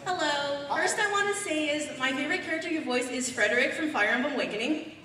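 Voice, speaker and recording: Eager high-voiced woman fan. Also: fast, sharp tone, a little hiss or hum. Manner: eager, giggly. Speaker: fan asking a question. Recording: echoey hall recorded from far off.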